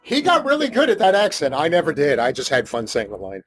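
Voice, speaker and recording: Lively man hosting a podcast. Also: fairly high pitch, fast talker, faint music behind. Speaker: podcast host. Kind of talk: casual podcast chat.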